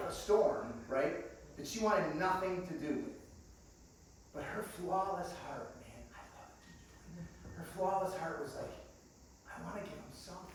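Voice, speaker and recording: A male pastor with a slightly high voice tells humorous stories from the pulpit and keeps turning to his congregation as friends. The sound is distant and heavily echoey, with a faint hum of room noise behind him. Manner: lively, humorous storyteller who calls the congregation friends. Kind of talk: storytelling sermon. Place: church hall. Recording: echoey hall, distant mic.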